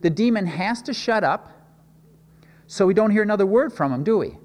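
A man's voice: sits high, expressive, moderate pace, darkish tone, big-room sound. A man preaching a conversational sermon, asking rhetorical questions and often restarting his phrases. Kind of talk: expository sermon.

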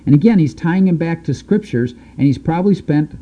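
A man teaching through a Bible passage, reading the verses aloud and then explaining them in loose, halting speech with fillers. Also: a little high, animated. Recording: dull, lo-fi recording.

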